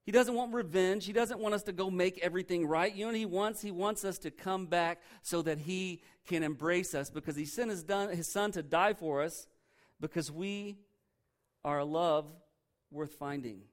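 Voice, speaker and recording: At a moderate pace, a pastor preaches a sermon earnestly and emphatically. He repeats key phrases and drops soft and low on the lines he wants to stress.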